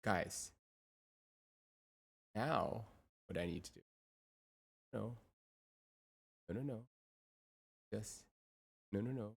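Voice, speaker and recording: A woman's voice: rumbling low, drawn-out words, creaky, long pauses, husky. A woman streamer chatting casually with her viewers through a real-time AI voice changer, muttering to herself while she sets up her screens. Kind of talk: casual live-stream chat.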